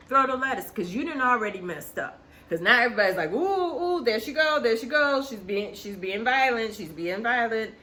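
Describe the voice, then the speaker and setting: Woman, reality TV recap host, blunt, swears freely, bright tone. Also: mid-range voice. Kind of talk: casual reality TV recap commentary.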